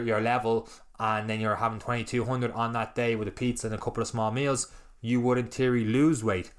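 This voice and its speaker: A man talking casually on a podcast, rambling and animated, acting out little quoted exchanges. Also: medium pitch. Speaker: podcast host.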